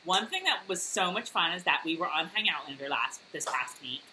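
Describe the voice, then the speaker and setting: Giggly, lively-voiced woman co-host. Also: on the low side, brisk, a little hiss or hum, poor audio. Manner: giggly, rambling with many fillers. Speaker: podcast co-host. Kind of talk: casual chat. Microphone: video call.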